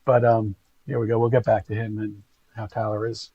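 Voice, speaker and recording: A man's voice: fairly low pitch, little pitch movement, fairly quick, muffled recording. A man giving casual, rambling, gossipy commentary to his stream viewers. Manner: rambling, gossipy, full of fillers.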